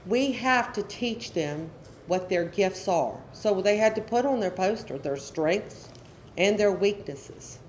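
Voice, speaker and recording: A woman's voice: mid-range voice, lively intonation, slow pace, a little hiss or hum. A middle-aged woman speaking earnestly at a conference session as an educational counselor, repeating her key points for emphasis. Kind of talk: conference presentation to an audience.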